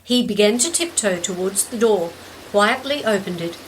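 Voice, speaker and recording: Woman narrator, measured and gentle story reading, clear rain sound behind. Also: medium pitch, a little hiss or hum, rough recording. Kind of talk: scripted narration. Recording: steady rain in background.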